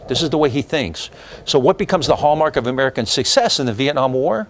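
A man's voice: medium pitch, expressive, quick pace, slight background noise. A man lecturing a history class in a loose, digressive way, full of fillers and asides.

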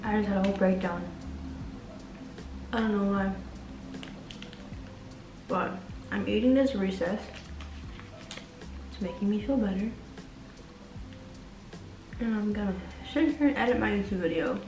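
A young woman chatting casually to camera as a vlogger. She is excitable, says "like" a lot and swears casually. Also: mid-range voice, measured pace, pauses often. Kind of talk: casual vlog chat to camera. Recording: roomy echo with faint music behind.

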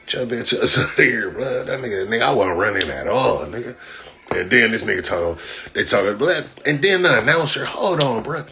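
A man's voice: medium pitch, animated, brisk, bright, forceful tone, a little hiss or hum. A man, a boxer on a livestream, ranting in profane trash talk full of repeated slang fillers. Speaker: boxer livestreaming after a fight. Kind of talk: casual livestream rant.

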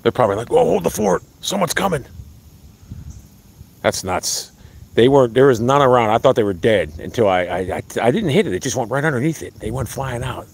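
Excitable man livestreaming outdoors on his phone. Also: medium pitch, fast talker. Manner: rambling, excitable, profane, talks to viewers. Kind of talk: outdoor live stream chat. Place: outdoors by a hill.

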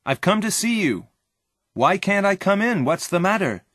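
A man's voice: high voice, sing-song, moderate pace, a bit bright, dry recording, clean studio sound, pitched above the performer's own voice. A man reading a story and voicing a young man who is shocked and questions his friend. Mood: puzzled. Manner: alarmed and questioning.

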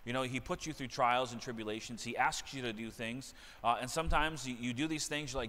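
A man's voice: mid-range voice, fairly even intonation, fairly quick, sharp tone. A middle-aged male pastor preaching a sermon in a church, earnest and repeating key phrases for emphasis. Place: church sanctuary. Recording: long church reverb.

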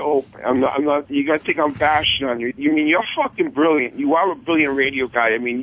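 A man's voice: a little high, a bit bright, breathy edge. A man calling in to a radio show, ranting heatedly and swearing as he confronts the hosts. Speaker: caller. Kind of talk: angry call-in rant. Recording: tinny phone line.

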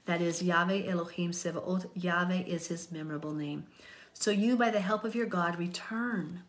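A woman's voice: fairly low pitch, moderate pace. A woman teaching from the Bible, reading scripture aloud and commenting in an earnest, pleading way that sometimes drops to a whisper.

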